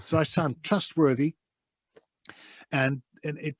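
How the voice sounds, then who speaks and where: Man, Dutch accent, husky, fairly high voice, emphatic storyteller, dry studio sound. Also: steady tone, takes it slowly, no echo. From Netherlands. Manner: passionate, emphatic, vivid storyteller. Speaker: voice-over artist guest. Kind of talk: conversational interview storytelling. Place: soundproof home studio booth.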